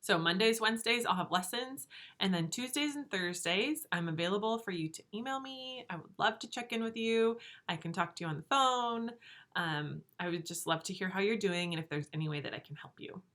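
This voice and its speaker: A woman teaching first graders a recorded lesson from her empty classroom, speaking slowly, patiently and encouragingly to small children. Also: mid-range voice, lively intonation, fairly bright tone. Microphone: camera.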